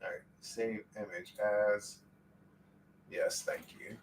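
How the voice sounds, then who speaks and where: A man's voice: on the low side, fairly even intonation, takes it slowly, slight background noise. A young man chatting casually on a livestream, rambling and swearing in a laid-back way. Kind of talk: casual stream chat. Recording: echoey room, distant mic.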